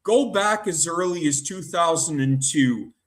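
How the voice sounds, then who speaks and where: A man hosting a casual talk radio chat, slow, chatty and rambling. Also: on the high side, animated. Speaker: host.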